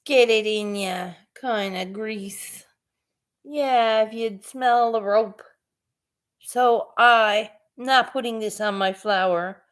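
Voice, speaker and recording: A woman chatting casually with viewers on her live stream, laid-back and chatty. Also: medium pitch. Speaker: live stream host and artist.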